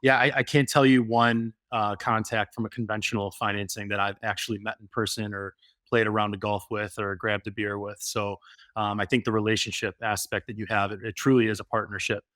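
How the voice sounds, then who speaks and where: A man's voice: on the low side, flat delivery, fairly bright tone, no room sound. A man speaking as a podcast guest in casual interview chat, with frequent "um" fillers. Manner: many "um" fillers, fast enthusiastic bursts. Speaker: podcast guest, rental property owner.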